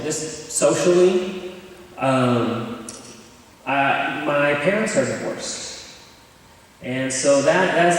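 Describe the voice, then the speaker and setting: In this chapel address, a young man whose voice runs on the high side entertains a crowd with candid, self-mocking tales about his own life. The mic is distant, the large hall is full of echo, and a little background noise comes through.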